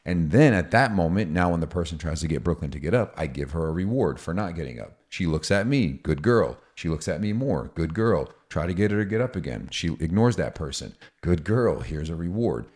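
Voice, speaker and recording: A man co-hosting a casual podcast, explaining dog training in an energetic, chatty way. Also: low-pitched, fast talker, hardly any pauses, slightly rough. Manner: energetic, explanatory, acts out dialogue.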